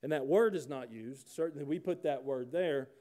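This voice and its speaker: A man's voice: mid-range voice, moderate pace, mellow. A man preaching a sermon, folksy and conversational, rising to emphatic rhetorical questions. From United States. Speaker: pastor.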